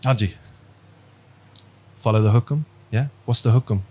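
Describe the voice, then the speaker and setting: A man's voice: mid-range voice, normal speed, warm tone, husky. A man teaching a religious class over a video call, chatty and quizzing his students, with stories along the way. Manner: conversational, quizzing students, storytelling. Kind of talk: online class lesson.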